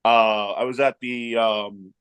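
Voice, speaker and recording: A New York–area event promoter with a medium-pitched, smooth voice tells a casual story at a slow pace, animatedly acting out each person's lines. There's no room sound.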